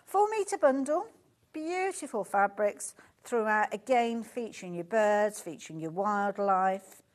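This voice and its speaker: A woman with a Birmingham accent speaks at a measured pace in an expressive, medium-pitched voice. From a studio, she presents fabric on a live shopping show, chatty and gushing, and easily pulled off track.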